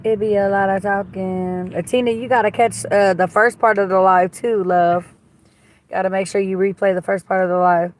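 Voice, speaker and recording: A woman's voice: medium pitch, little pitch movement, moderate pace, a little hiss or hum. Blunt, gossipy woman on a livestream. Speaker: livestream host. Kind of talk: casual live-stream chat reading comments. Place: inside a car.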